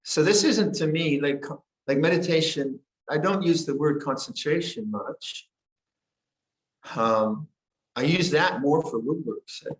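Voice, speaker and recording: An older man, a meditation teacher, giving a guided meditation and dharma talk in a gentle, unhurried way, often pausing and restarting his sentences. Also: a little high. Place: monastery meditation hall. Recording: echoey hall.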